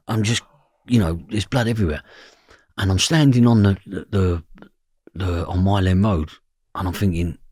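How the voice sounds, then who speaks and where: On a podcast, a male guest recounts a personal story bluntly, cursing freely and repeatedly asking "do you know what I mean." He has a fairly low voice with a breathy edge. The sound is dry and studio-clean.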